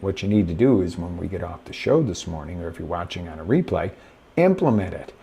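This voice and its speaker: A man with a low, creaky, warm voice and a breathy edge hosts a live motivational coaching show. Speaking from a webcam setup, he addresses his viewers directly and emphatically.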